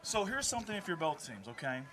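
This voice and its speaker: A man hosting a live stream, talking earnestly after a high school football game. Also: big pitch swings, quick pace. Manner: warm, earnest, repeats himself. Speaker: stream host. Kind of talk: casual postgame chat.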